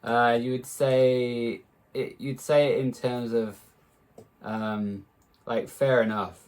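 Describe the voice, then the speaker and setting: A man's voice: mid-range voice, fairly even intonation, slow, a little mellow. A man co-hosting a casual podcast chat, easygoing and hesitant, explaining things with many fillers. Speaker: podcast co-host.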